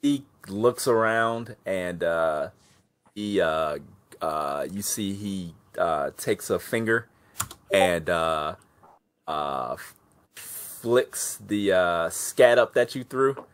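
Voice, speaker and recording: A man narrating as game master for a tabletop game, halting and full of fillers. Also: deep voice, animated.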